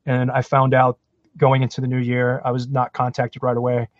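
A man from Florida telling his career story in a podcast interview, animated and self-deprecating. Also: mid-range voice, moderate pace, no room sound, highs cut off. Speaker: guest, actor.

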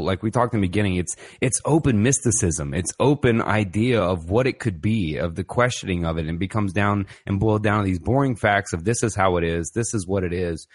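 A man in a casual conversation, talking bluntly and emphatically and swearing freely. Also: lowish voice.

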